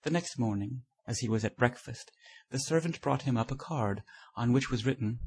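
A man reading a classic short story aloud as narrator, in a steady, measured way. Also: medium pitch, husky. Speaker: audiobook reader.

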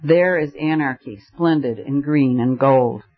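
A man's voice: mid-range voice, measured pace, lightly acted. A man reading the part of an intense, fiery young male poet who declaims his ideas dramatically, on a slightly muffled recording. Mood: declaiming.

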